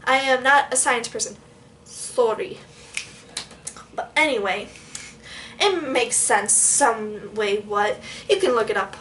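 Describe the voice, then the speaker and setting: A young woman telling a story in a casual vlog, animated and sassy, acting out what people said. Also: a little high, slow pace, long pauses, recorded from a distance, slight background noise. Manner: animated, sassy, dramatic retelling with quoted asides. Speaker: vlogger.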